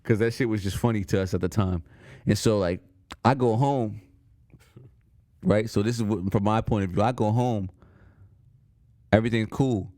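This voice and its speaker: A young man on a podcast, telling a high school story in a casual, profane way and acting out the voices of people in it. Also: normal speed, long pauses, dry recording, studio quality. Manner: animated, profane, acts out voices in his stories. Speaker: podcast co-host.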